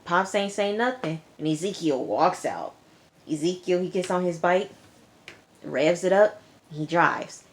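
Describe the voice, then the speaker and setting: Woman TV-recap vlogger, lower voice, chatty and animated, lots of slang asides. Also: a little slow. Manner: lively retelling with slang and acted-out quotes. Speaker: TV review vlogger. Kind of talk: casual episode recap.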